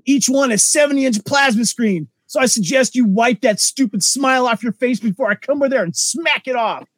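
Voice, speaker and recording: A man voicing an angry, boastful, short-tempered man who threatens and shouts, quoted during a podcast chat. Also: very high voice, normal speed, no room sound, clean studio sound, voice pushed up. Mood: angry threatening. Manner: brash, shouting, menacing.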